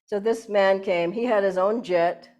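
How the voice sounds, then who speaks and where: An older woman teaches at a spiritual gathering, spinning anecdotes with lively, laughing storytelling. Her voice sits at an ordinary pitch for a woman, and her delivery is warm-hearted and conversational rather than preachy. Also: a little slow. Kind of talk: inspirational satsang talk.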